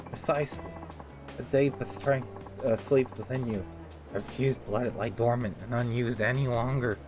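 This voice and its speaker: A man's voice: medium pitch, fairly even intonation, moderate pace, music in the background, lightly acted. A man voicing a stern old male martial arts master with a solemn, preachy manner and an odd put-on accent.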